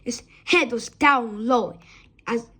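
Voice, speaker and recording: A woman's voice: on the high side, slow pace, a bit bright, slightly rough. A woman reading a children's story aloud expressively, with small slips.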